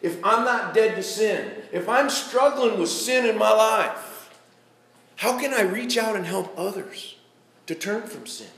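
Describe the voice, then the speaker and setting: A middle-aged man delivers a folksy sermon, his voice pitched a bit high and swinging widely as he speaks. He talks straight to the congregation and calls on people by name. The church room around him rings with echo. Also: expressive, a little slow, fairly bright tone. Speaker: preacher.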